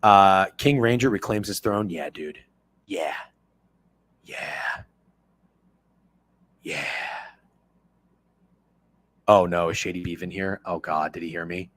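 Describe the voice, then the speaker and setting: A man in his thirties hosting a sports betting stream, talking casually and excitably with lots of profanity while reacting to his chat. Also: low-pitched, slow, pauses often, no room sound. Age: 30s.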